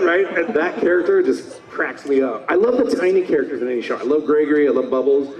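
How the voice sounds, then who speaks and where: A man in his fifties, a voice actor talking at a convention panel, enthusiastic and slipping into quick character voices. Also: on the high side, a little mellow, recorded from a distance, lo-fi sound. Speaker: voice actor guest. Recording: roomy hall, mic from afar.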